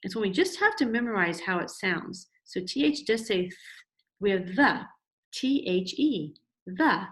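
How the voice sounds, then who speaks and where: A woman's voice: medium pitch, lively intonation, moderate pace, fairly bright tone. Encouraging woman teacher sounding out letters. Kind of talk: instructional video for parents.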